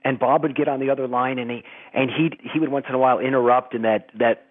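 A middle-aged man talking as a guest in conversation, halting and restarting as he recalls things. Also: medium pitch, fairly even intonation. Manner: halting, with many restarts and laughs. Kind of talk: conversational interview. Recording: tinny phone line.

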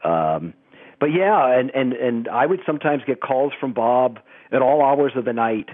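A middle-aged man talking as a guest in conversation, halting and restarting as he recalls things. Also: mid-range voice, lively intonation. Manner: halting, with many restarts and laughs. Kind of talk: conversational interview. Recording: tinny phone line.

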